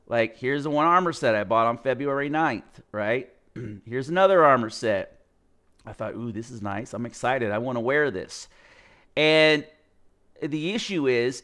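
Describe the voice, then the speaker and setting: Male gaming creator, mid-pitched, smooth and resonant; rambling exasperated rant with swearing. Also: a bit bright. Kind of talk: casual screen-share rant.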